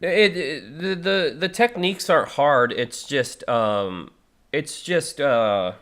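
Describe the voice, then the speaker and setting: A man in his thirties chats casually on a live stream in a fairly high, bright voice with lively intonation and a slow pace. He rambles with lots of fillers and restarts, occasionally breaking into harsh vocal demonstrations.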